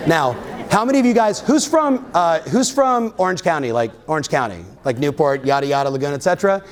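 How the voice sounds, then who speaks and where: A man giving an energetic motivational keynote to a live audience, often firing questions at the crowd. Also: on the high side, brisk. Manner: energetic, keeps quizzing the audience. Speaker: real estate coach and keynote speaker. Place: live event in front of an audience.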